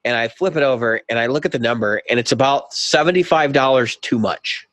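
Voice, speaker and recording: A man's voice: mid-range voice, fairly quick, a bit bright, no room sound. A middle-aged man co-hosting a casual podcast, animatedly acting out both sides of a conversation as he tells a story. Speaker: podcast co-host.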